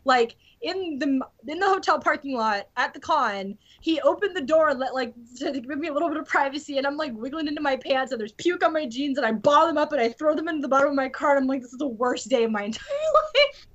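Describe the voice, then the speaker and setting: A woman on a podcast telling a story in casual chat, animated, acting out quotes and laughing often. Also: sits high, fast talker, few pauses, dull audio.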